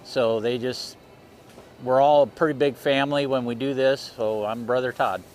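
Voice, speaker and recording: A man's voice: medium pitch, fairly even intonation, moderate pace, darkish tone, slight background noise. A middle-aged man, a guest reenactor talking in an easygoing, plain-spoken way. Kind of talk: casual interview.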